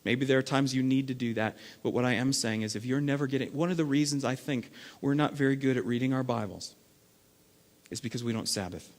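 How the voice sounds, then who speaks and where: Animated male pastor in a reverberant hall. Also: mid-range voice, a little fast. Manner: animated storytelling, acting out everyday scenes; sudden swings from loud to hushed. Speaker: lead pastor. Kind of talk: sermon. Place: church sanctuary. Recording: long reverb of a large hall.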